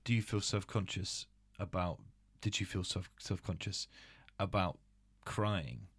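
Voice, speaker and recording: Deep-voiced blunt male podcast host. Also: a little slow, fairly bright tone, husky, dry recording. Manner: blunt, swears, laughs easily. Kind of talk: casual interview chat.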